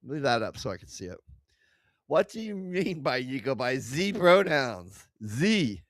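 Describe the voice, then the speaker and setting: Reading chat aloud on his livestream, a man mocks what he sees, laughing and swearing frequently from close to his desk mic. He has a mid-range, sing-song voice at a measured pace, with no echo.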